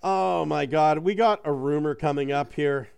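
A man's voice: on the high side, gravelly, smooth. A man co-hosting a casual talk show, rambling and swearing as he retells a comedy bit, laughing often. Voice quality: animated storyteller, breaks into voices for quotes. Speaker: podcast co-host. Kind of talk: casual chat.

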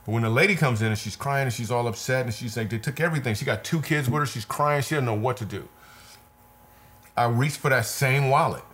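A man's voice: medium pitch, fairly quick, a bit bright. A man, a comedian guest, telling a personal story in an earnest, repetitive, vivid way. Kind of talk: conversational storytelling.

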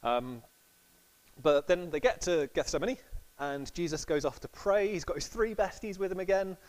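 A man's voice: high-pitched, normal speed, darkish tone, poor audio. A man giving a casual, chatty sermon to a congregation, acting out quotes with laughs. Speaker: preacher.

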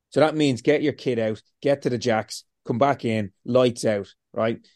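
A man talks as a podcast guest, animated and blunt, swearing freely as he acts out his own inner talk. His voice sits at an ordinary middle pitch. It is recorded dry, with no room sound. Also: normal speed, few pauses, no echo. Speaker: interview guest. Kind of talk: casual storytelling.

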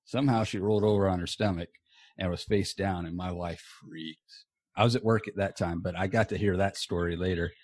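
A man's voice: low voice, fairly even intonation, brisk, darkish tone, no echo. A man hosting a podcast from a small home office, chatting loosely and casually with a guest and swearing now and then. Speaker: podcast host. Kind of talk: casual chat. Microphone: earbuds.

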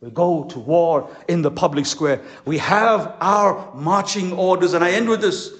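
Man, pastor, impassioned sermon, dramatic pauses, high voice, echoey conference hall.

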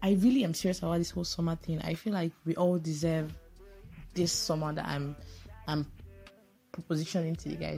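A woman's voice: deep voice, darkish tone. A woman hosting a casual solo podcast voice note, chatty and playful with self-mocking asides. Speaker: podcast host.

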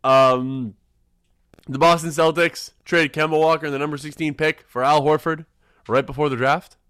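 Excitable young man hosting a podcast. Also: on the high side, smooth, dry recording, studio quality. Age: young adult. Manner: excitable, laughs often, quick restarts. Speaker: podcast host. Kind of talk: casual sports podcast chat.

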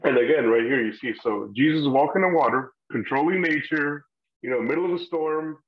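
On a podcast, a man at medium pitch talks briskly through a casual Bible discussion, drifting a little, using fillers, and laughing now and then. Audio is lo-fi and a touch muffled.

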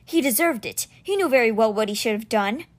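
A woman's voice: fairly high pitch, lively intonation, a little fast. A woman reading a storybook aloud, voicing a tense young male ruler who gives stern orders.

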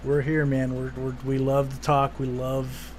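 A man's voice: medium pitch, completely flat delivery, a little slow, slight background noise. A man hosting a podcast, talking in a rambling, casual way with swearing and restarts. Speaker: podcast host.

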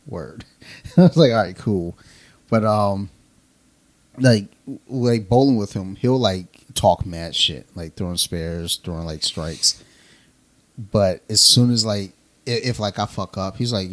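A man's voice: lowish voice, normal speed. A man co-hosting a casual podcast, telling a profane, laugh-filled story with slang. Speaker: podcast co-host.

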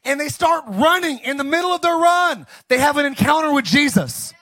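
Guy pastor preaching loud and funny, super high voice, bouncy up and down. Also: moderate pace. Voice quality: high, bright, animated preaching voice. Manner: energetic, jokey, often bursts into shouting. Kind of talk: comedic Easter sermon.

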